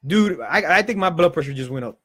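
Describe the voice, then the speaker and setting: A man with a high voice rants on a live football stream. He is heated and swears often, talking in fast bursts. The sound is close and dry, with little room. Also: a bit bright, slightly rough, no room sound. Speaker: football channel host. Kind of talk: passionate live-stream rant.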